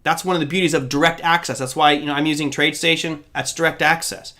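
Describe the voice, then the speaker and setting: A man's voice: on the high side, fairly even intonation, quick pace, bright, forceful tone. A man hosting a live trading stream, chatting loosely and answering viewers' questions from the chat as he goes. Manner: chatty, digressive, addresses chat directly. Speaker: host of a live trading show.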